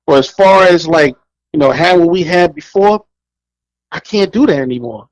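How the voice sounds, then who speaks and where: A man's voice: a little fast, dry recording, low-quality recording. A man, telling blunt, profane stories in a casual chat and acting out the people in them. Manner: animated storyteller, acts out quotes in higher voice; blunt, profane, laughs often. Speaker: podcast co-host.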